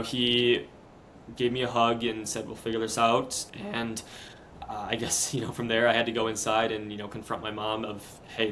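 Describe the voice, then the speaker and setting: A young man in his twenties, a podcast guest, recounting a hard personal story in a casual, earnest, halting way. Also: lowish voice, sharp tone, slight background noise, low-quality recording. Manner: earnest, halting, retelling step by step.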